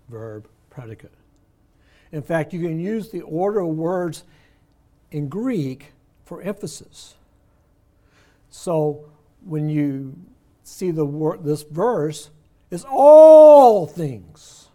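An older man teaching a Bible study class, explaining word meanings in a conversational way and slowing down to stress key words. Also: on the high side, lively intonation, warm tone.

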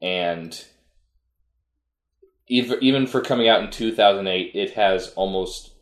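Deep-voiced man rambling in an echoey room. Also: a little slow. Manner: rambling, with frequent restarts. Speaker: podcast co-host. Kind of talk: casual chat reviewing an anime.

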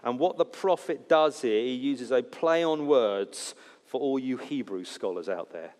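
A man preaching an expository sermon in a conversational way, with jokey asides, swinging between loud emphasis and hushed, low passages. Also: unhurried. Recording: long hall reverb.

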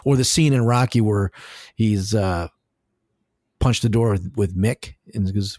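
A man co-hosting a casual podcast, talking in a rambling, animated, profane way. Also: lowish voice, normal speed, no echo, clean studio sound. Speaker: podcast co-host.

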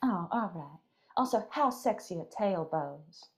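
A woman's voice: fairly low pitch, lively intonation, a little slow. A woman co-hosting a casual podcast, teasing and swearing in sarcastic banter. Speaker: podcast co-host.

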